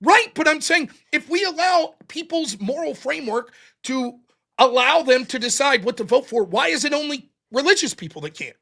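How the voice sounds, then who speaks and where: A man talks through a debate he just had, blunt and heavy on swearing. His pitch jumps around a lot, and his tone is bright and edgy. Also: moderate pace, gravelly. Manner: animated, blunt, swears often. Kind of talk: casual post-debate chat.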